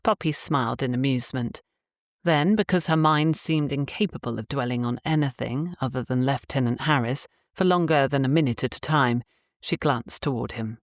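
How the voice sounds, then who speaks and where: A woman narrates a romance audiobook in a low, measured voice. Her delivery is steady and even. The recording is dry and close, with no room echo. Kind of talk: scripted narration.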